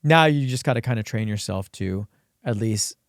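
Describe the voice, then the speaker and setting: A man's voice: lowish voice, lively intonation, normal speed, no room sound, studio quality. A young man co-hosting a podcast, telling stories in a laid-back, casual way with many "like" fillers. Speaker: podcast co-host. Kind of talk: casual chat.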